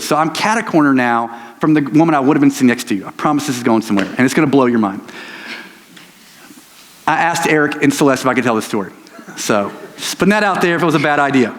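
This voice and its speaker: Rambling chatty pastor in a reverberant hall. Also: male voice, a little high. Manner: rambling, self-interrupting, lots of "like" and "you know". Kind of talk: storytelling sermon. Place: church sanctuary.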